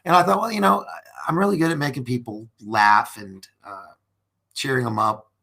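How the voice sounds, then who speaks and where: Gravelly, bright-voiced male stream host. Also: medium pitch, normal speed. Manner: rambling, many restarts and fillers, earnest. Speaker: podcast host. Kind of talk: casual live-stream chat reading viewer comments.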